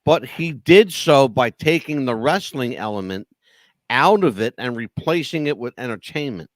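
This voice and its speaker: Man, podcast co-host, emphatic rambler, lively pitch, dry recording. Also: moderate pace, no room sound. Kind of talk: casual wrestling talk.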